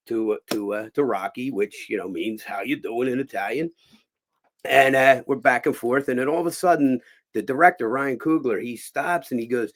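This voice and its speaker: A man's voice: mid-range voice, normal speed. A middle-aged man, a boxing promoter, telling behind-the-scenes stories in a casual podcast chat and acting out the dialogue. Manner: animated anecdote teller, acts out quoted dialogue.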